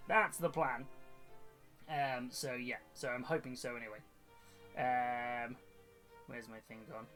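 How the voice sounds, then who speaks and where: A man's voice: medium pitch, flat delivery, slow, sharp tone, faint music behind. A man chatting casually on a live hobby stream, rambling along with many fillers and restarts. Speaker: hobby streamer and model kit seller. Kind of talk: casual live-stream chat while building models.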